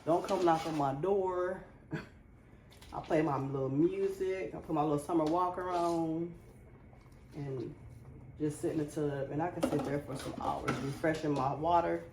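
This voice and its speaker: Mom chatting to her viewers while she scrubs a pot, echoey kitchen with loud clatter behind. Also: low-pitched, steady tone, unhurried, background noise. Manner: chatty, confiding, talks straight to viewers. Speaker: lifestyle vlogger, mother and wife. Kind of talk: casual chat while cleaning and cooking. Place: home kitchen.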